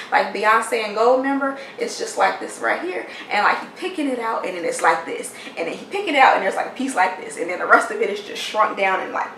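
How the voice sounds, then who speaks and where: A woman with a gravelly, edgy voice spins an exasperated tale straight to the camera, acting out everyone involved. Her voice rings through a bare, echoey room, picked up from a few steps away over a faint hiss. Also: medium pitch. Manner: animated, exasperated retelling with quoted dialogue. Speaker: vlogger. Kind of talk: casual storytelling to camera. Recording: echoey room, mic at a distance, faint noise.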